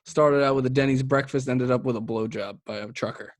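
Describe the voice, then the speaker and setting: Young guy cracking crude jokes on a beer podcast, mid pitch, dead dry sound. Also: fairly even intonation, fairly quick, no room sound. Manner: crude, joking banter. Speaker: podcast co-host reviewing beers. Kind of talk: casual chat.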